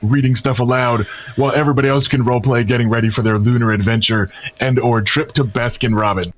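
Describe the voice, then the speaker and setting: A man's voice: medium pitch, fairly even intonation, fast talker. A man taking part as a player in a tabletop role-playing game, describing his character's actions.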